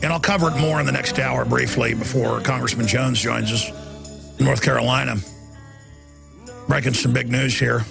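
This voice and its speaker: A man in his forties hosting a radio talk show, ranting in an animated monologue and mocking people in high put-on voices. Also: normal speed, gravelly, music in the background.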